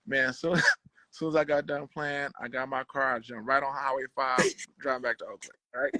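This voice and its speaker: A man guest on a conversation show, telling a story in relaxed slang and acting out what others said. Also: mid-range voice, normal speed, no room sound, rough recording. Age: adult with children. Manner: slangy, relaxed street talk; acts out quoted dialogue. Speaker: podcast guest, bassist.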